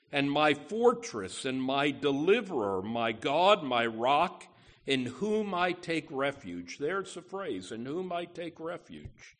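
Male pastor, sermon delivery, slightly high voice, lively swooping pitch, slow deliberate pacing. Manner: emphatic, slow and deliberate, with frequent restarts and "you know". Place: church.

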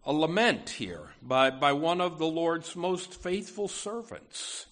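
Slow, halting preaching man. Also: fairly high pitch, expressive, a bit bright. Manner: halting, many fillers and restarts. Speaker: pastor. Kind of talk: sermon.

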